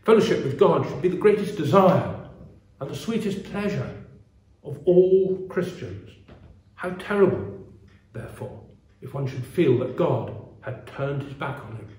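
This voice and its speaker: Earnest preacher, slightly high, echoey. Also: male voice, animated, darkish tone. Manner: measured, earnest delivery with pauses. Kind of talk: sermon with scripture reading. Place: church. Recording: roomy echo.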